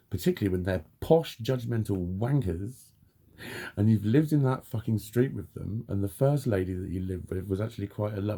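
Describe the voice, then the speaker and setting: A man's voice: lowish voice, dark tone, slightly rough. A man in a heated, blunt personal rant, swearing constantly as he tells his story to camera. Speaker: vlogger.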